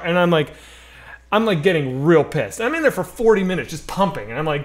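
Man, podcast co-host, higher-pitched, profane ranting storyteller. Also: lively intonation, quick pace. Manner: ranting, profane, heavy use of "like". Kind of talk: casual storytelling chat.

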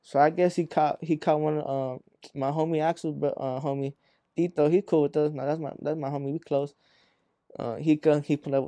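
A young man from Arizona tells a story in a loose, rambling way, full of swearing and acted-out quotes. His voice sits a little high but has a mellow, dark tone. The sound is close and dry. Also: fairly even intonation, fairly quick, no echo. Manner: rambling, profane, acts out quotes. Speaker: rapper guest. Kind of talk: casual interview storytelling.

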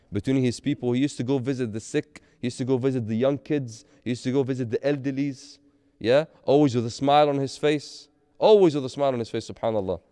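A man's voice: mid-range voice, warm tone, clean tone, dry recording. Earnest preaching man, dry sound. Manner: earnest, rhetorical questions, mixes in Arabic phrases. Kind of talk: Friday sermon.

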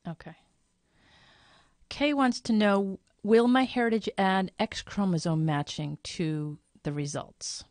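A woman's voice: mid-range voice, slow, darkish tone, no echo. A woman moderating a live webinar question session, reading out viewer questions in a chatty, informal way and thinking aloud.

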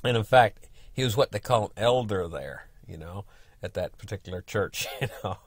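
A man's voice: on the low side, expressive, moderate pace, no echo, clean studio sound. An older man telling a story in a folksy, rambling way, full of "you know" and restarts. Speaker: storyteller, channel host. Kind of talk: casual spoken storytelling.

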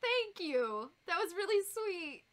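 A high, bright-voiced woman with a Northern US accent, chatting on a live stream as she crafts. She is bubbly and giggly and talks straight to her viewers in a casual, friendly way. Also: big pitch swings, slow pace. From United States. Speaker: fursuit maker streaming live.

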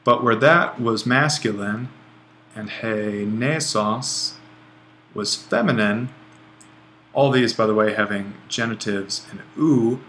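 A man teaching a grammar lesson over a screencast, relaxed and thinking aloud as he writes, often correcting himself. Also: on the low side, slow pace, a little hiss or hum. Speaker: Greek language instructor.

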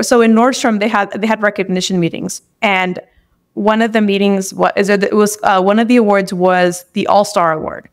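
A young adult woman, a podcast guest, tells a personal story in casual conversation, chatty and full of restarts. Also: mid-range voice. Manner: chatty, with many restarts and acted-out inner thoughts.

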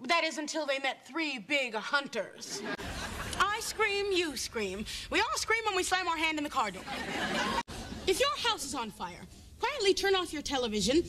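A young woman performing a deadpan comic advice segment for a sketch show, breaking into sudden loud shouts. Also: high-pitched, normal speed, a crowd in the background. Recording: studio audience laughter, noisy. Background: studio audience laughing.

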